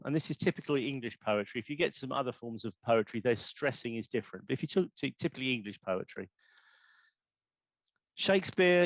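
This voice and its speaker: A man's voice: mid-range voice, no room sound. A man, poet in residence, giving a rambling, self-correcting online talk on poetry forms over a video call.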